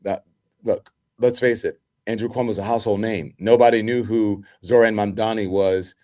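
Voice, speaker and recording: Male talk show host, lower pitch, animated and chatty, plenty of ums and restarts. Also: moderate pace, dry recording, studio quality. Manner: animated, laughing, with many fillers. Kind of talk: live news talk show.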